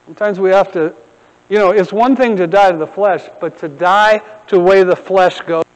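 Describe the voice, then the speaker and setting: Preaching at a normal speed, this middle-aged pastor fills his sermon with humorous stories and lively asides. His high voice echoes through the sanctuary, with a long reverb tail after his words.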